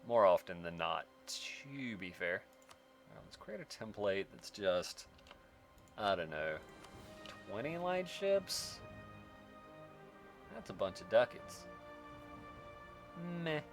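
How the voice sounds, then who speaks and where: With game music playing, a man casually narrates his strategy game, wryly muttering and now and then erupting in exasperation. He speaks slowly and expressively in a deep, gravelly voice, pausing often.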